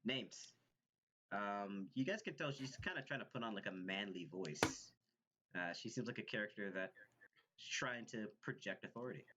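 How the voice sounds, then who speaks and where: A man's voice: on the low side, lively intonation, normal speed, bright, forceful tone, a little hiss or hum. A man narrating as game master of a tabletop game, hesitant and full of fillers and restarts. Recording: dull lo-fi recording.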